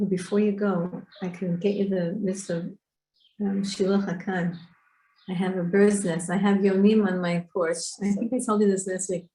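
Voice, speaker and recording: Woman teaching torah online, explains hebrew words, asks the class questions, middle pitch, echoey room. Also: level tone, normal speed, mellow. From Israel.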